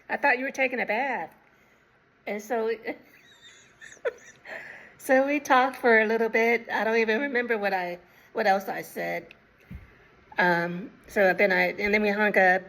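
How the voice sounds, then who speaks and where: A woman in her sixties speaks to camera in a relaxed, unhurried way, her voice gravelly with a touch of fry. She pauses often to remember details. Her pitch sits in a middle range. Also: rough recording. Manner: unhurried, reflective, pausing to recall details. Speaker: vlogger. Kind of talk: casual personal storytelling.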